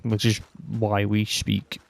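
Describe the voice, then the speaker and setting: A man's voice: fairly low pitch, monotone, slow pace, gravelly. A young man from Scotland with a northern Scottish accent, ranting casually and heatedly, swearing often. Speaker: podcast rambler. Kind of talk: casual rant.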